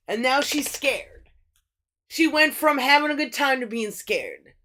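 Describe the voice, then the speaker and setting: Slow-talking woman musing on a livestream. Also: sits high, lively intonation, a bit bright. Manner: blunt, profane, musing aloud. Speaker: livestream host. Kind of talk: casual bible reading and commentary.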